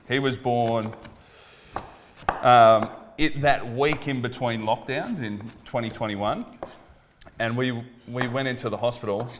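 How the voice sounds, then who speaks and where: An Australian man in his thirties, a comedian telling loud, profane, animated stories in casual chat. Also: mid-range voice, a little hiss or hum. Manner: loud, swearing, animated bits. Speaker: comedian podcast co-host.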